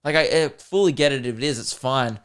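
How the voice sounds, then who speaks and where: Australian comedian telling rambling stories. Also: male voice, medium pitch, brisk, clear, resonant tone. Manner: rambling, animated, slips into voices. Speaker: comedian podcast host. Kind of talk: casual comedic storytelling.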